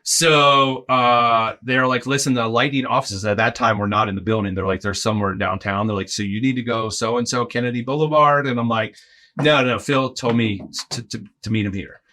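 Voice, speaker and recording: A man in his forties, a podcast guest, telling a long anecdote in a casual, animated way, acting out the people he quotes and peppering his talk with "like" and "right?". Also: medium pitch, normal speed. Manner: animated, acts out quoted voices, lots of "like" and "right?". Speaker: podcast guest, arena in-game host.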